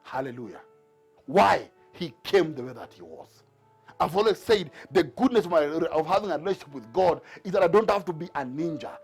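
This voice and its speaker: A man's voice: on the high side, expressive, a little fast, creaky, faint music behind. A man preaching a sermon to a Bible class, driving his points home with repeated rhetorical questions. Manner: emphatic, repetitive rhetorical questions.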